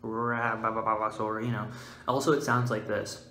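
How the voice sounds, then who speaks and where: A man hosting a mock-scientific comedic vlog, playful and goofy, giggling and breaking into sudden loud, high outbursts. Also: unhurried. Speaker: vlogger. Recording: roomy echo, faint background hiss.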